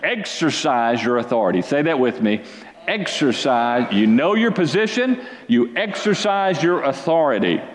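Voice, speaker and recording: A man preaching a sermon, reading scripture and calling for responses from the congregation, swinging between loud exhortation and quiet asides. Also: mid-range voice, very animated, unhurried, reverberant, in a large hall. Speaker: pastor.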